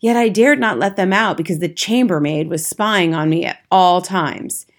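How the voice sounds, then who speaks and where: A woman narrating a children's storybook aloud in the first person, with a lively, expressive reading. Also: on the low side, moderate pace. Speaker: audiobook narrator.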